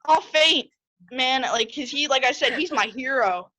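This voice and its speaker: A man telling an excited story as an interviewed concert fan, repeating words and acting out what he said. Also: very high-pitched, a little slow, poor audio. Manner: breathless, repeats words, acts out his own quotes.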